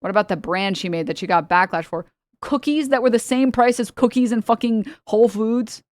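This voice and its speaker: A woman's voice: fairly high pitch, fairly quick, no echo, studio quality. A young woman streaming, talking casually and rambling with exasperated, sarcastic asides to her chat.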